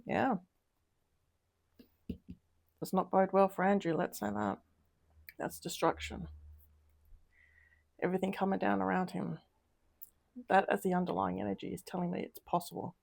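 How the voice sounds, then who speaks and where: A woman's voice: medium pitch, little pitch movement, normal speed, creaky, long pauses, darkish tone. A woman doing a casual tarot reading, talking in an upset, emotional way with sighs and trailing sentences. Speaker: tarot reader.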